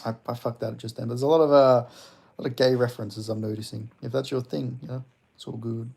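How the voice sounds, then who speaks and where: Young male streamer, gravelly fry, loose, laughing, swears freely. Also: mid-range voice, fairly even intonation, quick pace, a little mellow. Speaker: livestream host reading chat. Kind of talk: casual stream chat.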